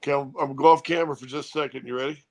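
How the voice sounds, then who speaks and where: A man's voice: mid-range voice, steady tone, rapid-fire. A man co-hosting a casual sports talk show, easygoing and rambling in a playful way. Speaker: co-host. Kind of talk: casual chat.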